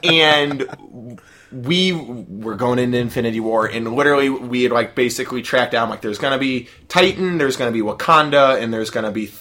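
A man chatting as a podcast guest at a middle pitch, telling a long story in a rambling, animated way. He jumps between thoughts as he goes. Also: normal speed. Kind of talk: casual chat.

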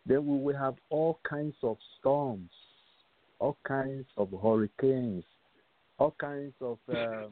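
A man's voice: mid-range voice, slow pace, no echo. Man preaching over a tinny phone line. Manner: emphatic, repetitive, asks rhetorical questions. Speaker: radio show host. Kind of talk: radio preaching. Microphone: phone call-in line.

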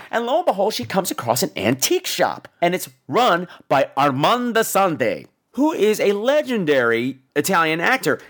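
A man's voice: fairly high pitch, fairly bright tone. A man hosting a casual comedic horror film review, sarcastic and profane, acting out the scenes. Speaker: podcast host reviewing horror films.

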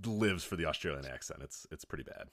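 A man co-hosting a podcast in easygoing casual chat, agreeable and quick to laugh. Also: a bass voice, expressive, a bit bright, no room sound. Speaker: podcast co-host.

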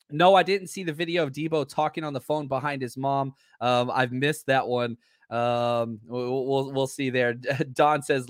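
A man hosting a casual live sports talk stream, brash and animated, talking straight to his viewers and reading their comments. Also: on the high side, no room sound, studio quality. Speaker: sports talk show host.

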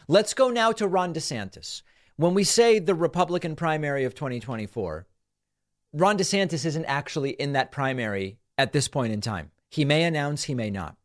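A man's voice: on the high side, expressive, moderate pace. A man hosting a political talk show, giving mocking commentary over news clips. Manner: sarcastic, mocking.

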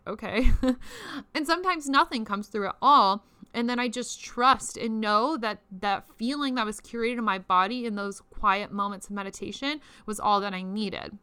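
A woman's voice: medium pitch, bright, forceful tone, smooth, no room sound. A woman podcast host coaching listeners on spiritual practice in a chatty, frank way, swearing freely and laughing often. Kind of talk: casual spiritual coaching talk.

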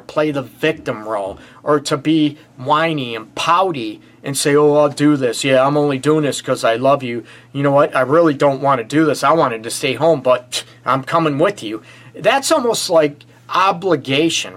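A man's voice: on the high side, fairly bright tone. A man hosting a relationship advice show as a counselor, talking straight to viewers in a blunt, emphatic way and often calling them "people.". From United States. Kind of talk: direct-to-camera advice talk.

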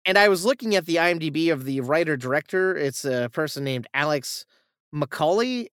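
A man's voice: a little high, a little fast, smooth, no room sound, clean studio sound. A young man hosting a film-review podcast, rambling and profane as he retells a plot in a casual chat. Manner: rambling, profane, animated retelling with acted quotes. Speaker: podcast host reviewing films.

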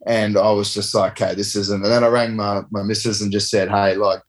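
A man's voice: fairly low pitch, flat delivery, a little fast. Laid-back man telling a story. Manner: rambling, laid-back, swears freely. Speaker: professional rugby player guest. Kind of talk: casual storytelling.

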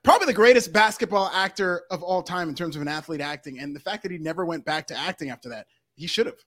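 A man co-hosting a casual podcast, animated, playful and emphatic. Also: on the high side, quick pace. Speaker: podcast co-host.

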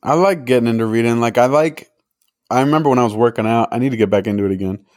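A man's voice: mid-range voice, fast talker, a little mellow, no echo, clean studio sound. A young man co-hosting a podcast, chatting casually and rambling with lots of filler words. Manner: rambling, many "like" fillers, laughs easily. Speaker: podcast co-host. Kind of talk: casual chat.

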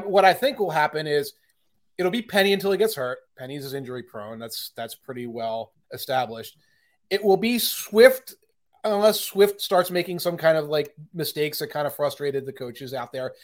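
A man with a fairly high voice breaks down football in casual podcast chat. He is opinionated and talkative, and often restarts his sentences mid-thought. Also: lively intonation, normal speed. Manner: chatty and opinionated, with frequent fillers and restarts.

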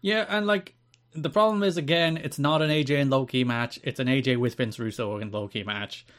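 A man chatting casually on a podcast about wrestling, his voice sitting at an ordinary middle pitch. He recaps events quickly and slips into goofy voices for quoted lines. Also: fairly bright tone. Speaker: podcast co-host.

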